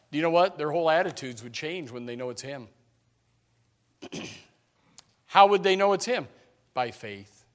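Animated preaching man, bright voice. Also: a little high. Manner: animated, emphatic preaching with sudden loud peaks; repeats words when starting sentences. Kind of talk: sermon.

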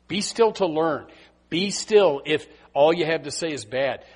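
A male pastor preaching a sermon in a church, emphatic and repetitive, swinging from hushed asides to loud exhortation. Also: a little high, lively intonation, unhurried, slightly rough. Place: church sanctuary.

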